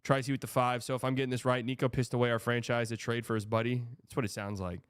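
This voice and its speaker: A man's voice: mid-range voice, little pitch movement, quick pace, clear, resonant tone, dry recording, studio quality. A young man hosting a casual sports livestream, reading out donations and rambling with exasperated, profane reactions. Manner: exasperated, rambling, swearing, reads donor messages aloud.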